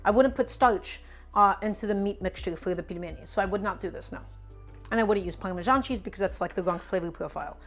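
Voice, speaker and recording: A woman's voice: medium pitch, quick pace. Young woman, cooking streamer, casual and playful, home kitchen, light music underneath. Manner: chatty, playful, answers chat questions.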